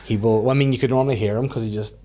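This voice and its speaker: A Northern Irish man hosts a comedy podcast. He talks quickly and easily, firing off loose, friendly questions to his guest. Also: mid-range voice, steady tone, warm tone. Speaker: podcast host. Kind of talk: casual podcast chat.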